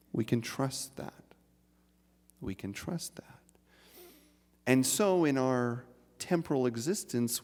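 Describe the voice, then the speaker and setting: A man giving a sermon at a spiritual center, measured and reflective, telling a folk tale. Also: medium pitch, vocal fry, darkish tone. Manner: slow, measured, reflective delivery. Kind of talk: sermon with storytelling. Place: large hall of a spiritual center. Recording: live talk with long hall reverb.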